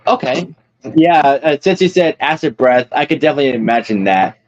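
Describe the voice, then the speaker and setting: A man chatting casually on an online stream in a laid-back, halting way. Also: mid-range voice, expressive, dry recording, dull audio.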